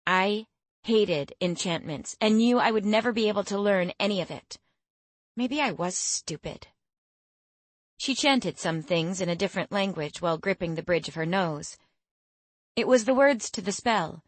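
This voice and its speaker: A woman narrating a first-person fantasy audiobook in a steady, reflective storytelling manner. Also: medium pitch, moderate pace, no room sound.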